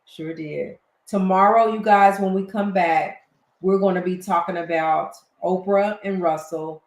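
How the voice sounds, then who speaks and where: An older woman with a Southern US accent, hosting a casual late-night live-stream chat, excitable and quick to laugh. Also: fairly low pitch, reverberant, poor audio. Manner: chatty, excitable, laughs easily. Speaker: livestream host.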